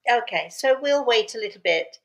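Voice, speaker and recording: A woman's voice: fairly high pitch, animated, moderate pace, low-quality recording. An older woman hosting a casual live chat, upbeat and rambling, laughing often and fighting a lingering cough. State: intermittent cough. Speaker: host.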